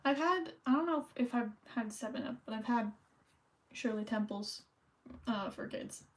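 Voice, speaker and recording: A woman's voice: on the high side, normal speed. A young woman streaming as she decorates cards, chatting casually and thinking aloud while she colors. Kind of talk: casual chat while crafting.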